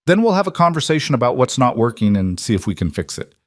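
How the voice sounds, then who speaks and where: Guy reading a cool direct lady ceo, measured and reassuring, dry close sound. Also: mid-range voice, big pitch swings, no room sound, voice pushed up, natural voice. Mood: steady. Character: composed female executive making a job offer.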